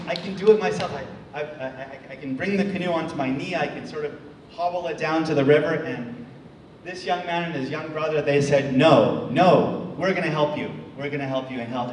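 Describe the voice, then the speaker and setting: Halting man speaking in an echoey hall. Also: a little high. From United States. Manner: halting, repeats words, restarts often. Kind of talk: storytelling talk to an audience. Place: large hall. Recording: echoey hall, distant mic, faint noise.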